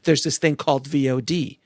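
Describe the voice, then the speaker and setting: Higher, gravelly male podcast host. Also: fairly even intonation, normal speed, darkish tone, dry recording, studio quality. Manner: effusive, complimentary. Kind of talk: casual interview chat.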